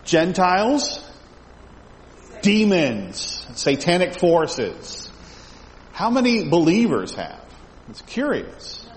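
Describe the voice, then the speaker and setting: There are long pauses as this man teaches Bible study, his high-pitched voice sing-song and slow. He reads scripture, asks listeners questions and repeats words while he thinks, in an echoey hall with faint background noise.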